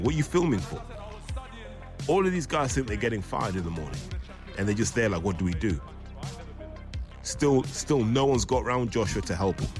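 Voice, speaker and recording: A man giving blunt, scornful commentary over boxing footage. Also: lowish voice. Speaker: boxing analyst.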